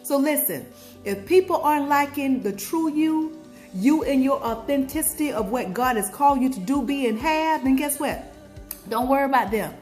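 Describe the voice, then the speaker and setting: A woman's voice: high-pitched, animated, moderate pace, a little mellow, faint music behind. A woman from Georgia with a Southern accent, giving a motivational pep talk to viewers and asking them questions as she preaches. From Georgia, USA. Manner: preachy, call-and-response questions, sings snippets. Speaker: motivational vlogger.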